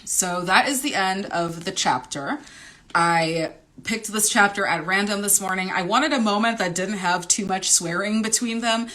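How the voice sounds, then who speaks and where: A woman's voice: medium pitch, normal speed, sharp tone. A woman author reading from her own romance novel on a livestream, then chatting casually and greeting viewers.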